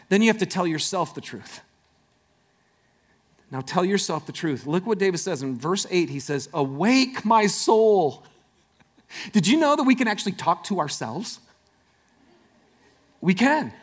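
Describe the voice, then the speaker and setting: A man preaching a sermon as pastor, swinging from loud emphatic lines to hushed, near-whispered ones. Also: high voice.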